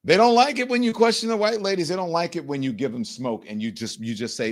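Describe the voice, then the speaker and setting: A man's voice: a little high, quick pace, few pauses. A man hosting a live political commentary show, talking bluntly and indignantly and swearing freely. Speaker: show host.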